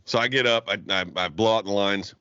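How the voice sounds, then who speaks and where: A man's voice: lowish voice, fairly even intonation, a little fast, bright, forceful tone, clean tone, no echo. Profane laughing man telling a story. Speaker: podcast co-host. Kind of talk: casual storytelling chat. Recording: dull lo-fi sound.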